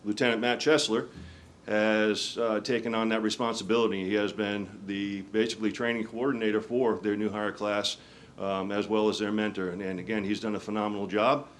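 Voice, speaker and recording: A man, a fire department officer, introducing a colleague at a ceremony in an earnest, measured way with fillers. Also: on the low side, level tone, slight background noise. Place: ceremony with an audience.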